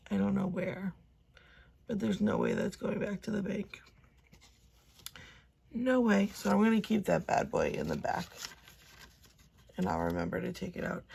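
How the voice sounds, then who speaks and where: A young woman chatting casually as she counts and sorts cash, talking to herself now and then and dropping into soft whispers. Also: mid-range voice, vocal fry, slightly rough. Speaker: budgeting vlogger.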